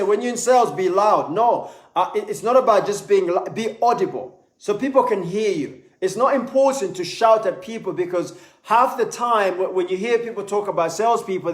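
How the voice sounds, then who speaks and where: Man, high voice, animated sales lesson, repeats words, echoey room. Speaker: sales trainer. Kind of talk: live online sales lesson.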